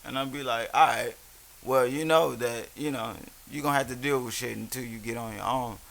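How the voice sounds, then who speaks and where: A young podcast co-host tells stories in casual chat, animatedly acting out what people said and swearing freely. His mid-range voice is creaky and a little fast, with faint hiss on the recording.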